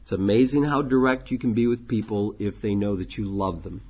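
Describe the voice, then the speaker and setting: A man's voice: on the low side, fairly quick, slightly rough, dull audio. A man who is a pastor, teaching a church leadership class in a conversational way, with frequent ums and restarts.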